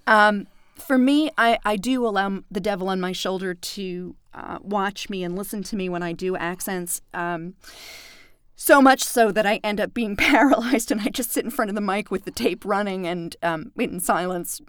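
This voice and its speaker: A woman with a smooth, clear mid-range voice talks frankly about her own doubts as a narrator, often laughing at herself. The recording is dry and close. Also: mid-range voice, moderate pace, no echo. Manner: candid, self-deprecating, laughs easily. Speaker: audiobook narrator. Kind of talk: casual podcast chat.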